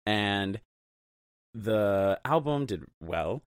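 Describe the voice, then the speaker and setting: Slow, low-voiced podcast co-host. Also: male voice, animated, clear, resonant tone, no room sound, clean studio sound. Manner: laughs often, fillers, jokey asides. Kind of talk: casual chat.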